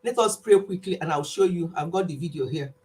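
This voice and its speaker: A woman hosting a live stream, greeting viewers with excitement and leading an earnest prayer. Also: lowish voice, a little fast, a little hiss or hum.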